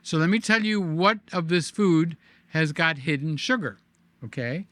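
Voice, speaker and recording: A man's voice: a little high, measured pace, fairly bright tone, no room sound. A middle-aged man hosting a casual vlog, talking animatedly to camera, joking and repeating himself. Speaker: vlogger host. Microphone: desk microphone.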